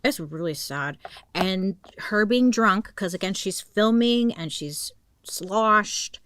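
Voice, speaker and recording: A woman's voice: medium pitch, expressive, takes it slowly, a bit bright, clean tone, dry recording, studio quality. A woman telling a true crime story in a casual, slangy way, often dropping into dramatic whispers.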